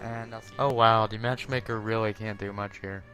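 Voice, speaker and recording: Fairly quick and fairly even in intonation, a man with a lowish voice narrates casual gameplay over music as he shows off tanks. The gaming host is chatty and rambling, often correcting himself, with game audio loud behind him.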